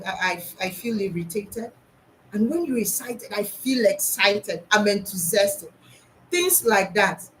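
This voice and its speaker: A woman's voice: medium pitch, slight background noise, poor audio. Earnest woman teacher. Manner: earnest, repeats points, many restarts. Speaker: school psychologist and teacher. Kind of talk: talk on teaching practice.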